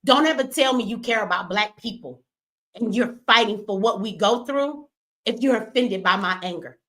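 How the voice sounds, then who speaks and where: A woman's voice: medium pitch, moderate pace, fairly bright tone. A middle-aged woman, an activist host delivering an angry, profane livestream rant, tearful at times. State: crying.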